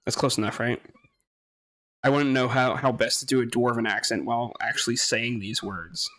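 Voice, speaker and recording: A gaming streamer with a mid-range male voice gives casual commentary over his gameplay, talking in a steady, fairly bright tone at normal speed. He's hesitant and rambling, laughs often, and swears now and then. The recording is studio quality with no echo.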